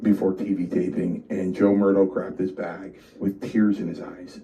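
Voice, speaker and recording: A man co-hosting a podcast who tells animated anecdotes, often stammering and restarting his sentences. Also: low-pitched, normal speed, gravelly, slight background noise. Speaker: podcast co-host. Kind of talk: casual storytelling. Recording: distant dull lo-fi.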